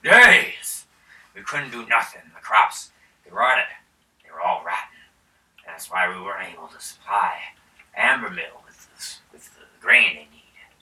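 A man's voice: sits low, animated, unhurried, sharp tone, full character voice. A man voicing a tall, injured peasant who moans as he tells of his village's misfortunes. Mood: mournful. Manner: wailing, moaning. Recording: roomy sound from a distance.

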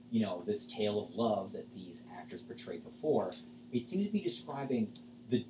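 A man's voice: medium pitch, mellow, slight background noise. A man narrating a tabletop game as game master, casual and rambling with many fillers. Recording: echoey room, far from mic.

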